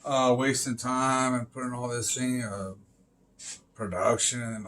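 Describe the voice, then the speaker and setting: A man's voice: mid-range voice, level tone, a little slow, fairly bright tone. A man rambling through a casual monologue on a live stream, full of fillers, swearing and emphatic interjections.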